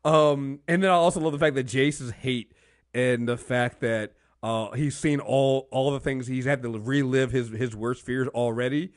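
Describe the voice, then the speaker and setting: A man co-hosting a podcast, chatting casually, laughing often and acting out characters in loud bursts. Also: medium pitch, moderate pace, dry recording, studio quality. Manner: laughing, animated, acts out characters with loud outbursts. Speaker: podcast co-host. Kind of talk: casual chat.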